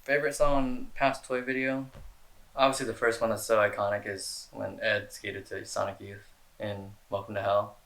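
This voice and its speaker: A man's voice: lowish voice, little pitch movement, normal speed, fairly bright tone, echoey room. A young man answering fan questions in a casual, rambling chat, full of slang and fillers. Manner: laid-back, rambling, slangy with lots of "dude" and "like".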